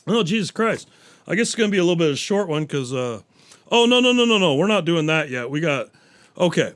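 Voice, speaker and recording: Brief: a profane, rambling podcast host with a slightly high voice. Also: male voice, very animated, fast talker, fairly bright tone.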